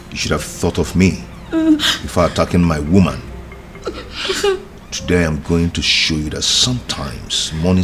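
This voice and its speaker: An actor playing a menacing rich man who speaks in a slow, cold, threatening way. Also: a bass voice, a bit bright, a little hiss or hum, full character voice.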